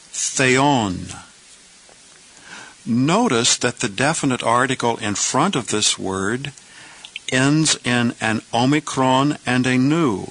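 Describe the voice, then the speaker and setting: A man teaching pronunciation in a slow, patient lesson, saying each word deliberately and repeating it for the listener. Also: mid-range voice, pushed and bright, rough recording. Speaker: Greek teacher.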